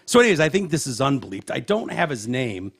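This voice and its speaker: A man talking on a podcast with a gravelly, husky voice that swings up and down. He chats casually, swears freely and laughs often. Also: medium pitch, a little fast, dry recording, studio quality. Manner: profane, animated, laughs often. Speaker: podcast host.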